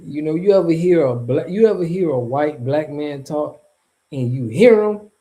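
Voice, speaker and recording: A man's voice: fairly high pitch, expressive, moderate pace, dark tone, rough recording. A man hosting a casual livestream, talking back to his chat in a loose, slangy, rambling way with frequent laughs. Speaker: streamer and channel host.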